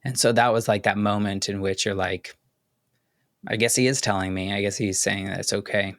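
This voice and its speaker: Low-voiced man reflecting with emotion. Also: fairly even intonation, a bit bright, no room sound, studio quality. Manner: candid, halting, with many restarts and "like" fillers. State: choking up with emotion. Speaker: podcast host. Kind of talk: personal reflective monologue.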